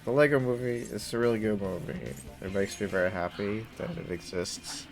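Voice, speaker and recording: A man co-hosting a let's play, talking in an animated, jokey, profane way. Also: lowish voice, moderate pace, soft background music. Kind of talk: casual gameplay commentary.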